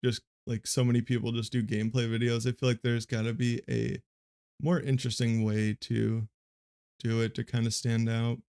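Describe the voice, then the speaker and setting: Monotone young man with gravelly voice. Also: medium pitch, normal speed. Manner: monotone, rambling with many fillers. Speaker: streamer commenting on a card game match. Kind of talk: casual live play-by-play commentary.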